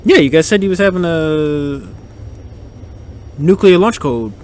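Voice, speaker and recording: A man's voice: a little high, expressive, measured pace, slight background noise. A man hosting a podcast, chatting casually in a movie commentary, joking and laughing often. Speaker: podcast host.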